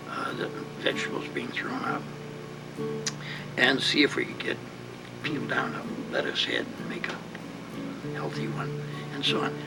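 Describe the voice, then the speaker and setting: Gravelly, animated older man telling stories. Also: medium pitch. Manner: animated storyteller who acts out dialogue and laughs. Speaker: interviewee, counselor. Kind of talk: documentary interview storytelling.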